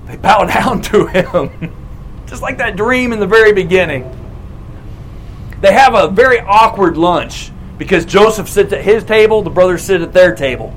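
A man preaching a sermon as a lively story, retelling scripture in casual words and acting out quotes. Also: sits high, a little hiss or hum, poor audio. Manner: animated, casual retelling with quick acted quotes.

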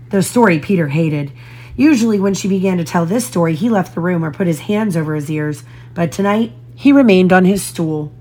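Woman, storybook narration, gentle, expressive, gravelly fry. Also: fairly low pitch. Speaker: storybook reader.

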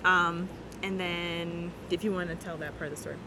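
A woman telling a casual story as a guest, animated and acting out her own thoughts and the quotes in it. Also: lowish voice, moderate pace, background noise. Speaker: guest telling how she met her partner.

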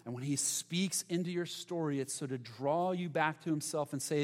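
A man preaching a sermon in a church sanctuary, his voice a touch higher than most men's. He talks in an animated, conversational way and leans on dramatic pauses. A long reverb trails each phrase through the hall. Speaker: pastor.

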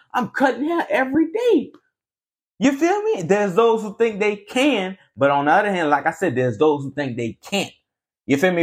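A man hosting his own podcast, giving a motivational talk in a casual, repetitive, preachy way, often asking "you feel me". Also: high-pitched. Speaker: podcast host, barber. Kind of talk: motivational monologue.

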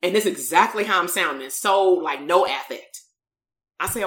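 A woman's voice: medium pitch, big pitch swings, moderate pace, fairly bright tone, echoey room. Blunt, emphatic woman coach. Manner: blunt, storytelling, emphatic, swears casually. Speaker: coach and therapist. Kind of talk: live-streamed motivational talk.

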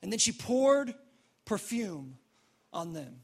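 A young man preaching a sermon, telling the story with animated, acted-out reactions. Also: high voice, slow pace, gravelly, husky. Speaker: pastor.

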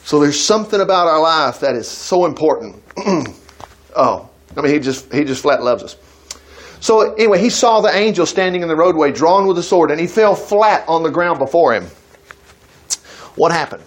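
A man's voice: on the high side, lively intonation, normal speed. A man preaching a sermon at a church service, retelling a Bible story with folksy asides and laughter.

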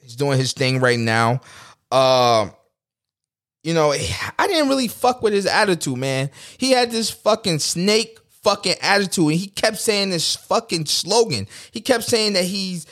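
A man's voice: high-pitched, sing-song, measured pace, a bit bright. A man, hosting a podcast in a blunt, profane, rambling rant. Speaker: podcast host. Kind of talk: casual political rant.

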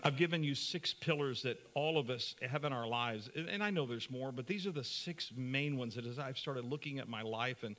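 Earnest bright-voiced male pastor. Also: mid-range voice. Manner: earnest, shifts from brisk to slow and soft. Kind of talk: sermon.

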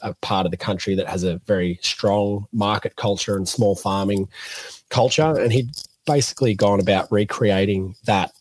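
A man in his thirties, a podcast guest telling stories in a relaxed, animated way and acting out what people said. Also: lowish voice, normal speed, no room sound. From Australia. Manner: animated storyteller, acts out quotes. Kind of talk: casual storytelling interview.

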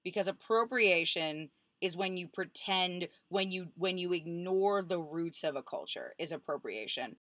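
A woman's voice: lowish voice, unhurried, few pauses, a bit bright, no room sound. A woman co-hosting a casual podcast chat, arguing her points in a talkative way with frequent restarts. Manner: chatty, argues points with restarts. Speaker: podcast co-host.

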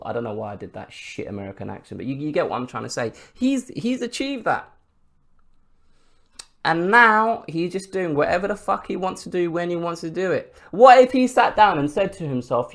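A man's voice: on the high side, big pitch swings, brisk. A man hosting a podcast, giving a casual sports commentary monologue full of rhetorical questions and swearing. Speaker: podcast host.

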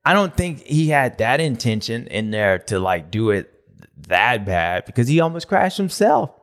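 A man hosting a motocross recap show, talking in a loose, slangy, animated way with loud bursts and low asides. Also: normal speed. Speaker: motocross podcast host. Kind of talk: casual race recap commentary.

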